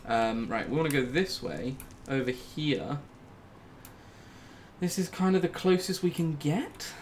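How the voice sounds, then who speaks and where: Playing a video game on his YouTube channel, a man narrates his own moves with jokey, relaxed commentary, squealing in a high pitch when something makes him jump. His pace is measured, and there's slight background noise.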